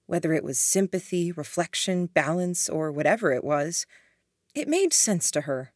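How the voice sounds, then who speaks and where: Woman audiobook narrator, measured reading, slow pace, lowish voice, dry close sound. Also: no echo. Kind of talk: scripted narration.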